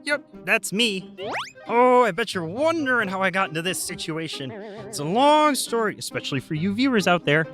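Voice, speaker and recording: A man's voice: high-pitched, sing-song, moderate pace, a bit bright. A man voicing a goofy cartoon character who narrates his own predicament in a silly, bouncy old-timey style. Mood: playful. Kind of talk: voice acting audition clip. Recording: music and cartoon sound effects behind.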